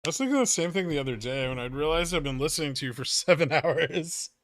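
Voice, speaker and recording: A man's voice: on the high side, animated, fast, fairly bright tone, no echo. Dry, joking male livestream host. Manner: jokey, irreverent, swears freely. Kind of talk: casual livestream chat reading.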